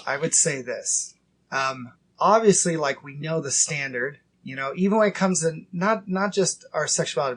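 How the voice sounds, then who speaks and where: A man in his thirties hosting a casual faith podcast, earnest and acting out inner dialogue in quick quoted bits. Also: fairly high pitch, a bit bright. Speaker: podcast host.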